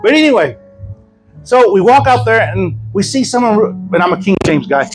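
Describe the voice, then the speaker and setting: A man preaching a sermon as an evangelist at a church service, telling stories in a lively, joking way. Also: sits high, moderate pace, over music, poor audio. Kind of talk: sermon with storytelling.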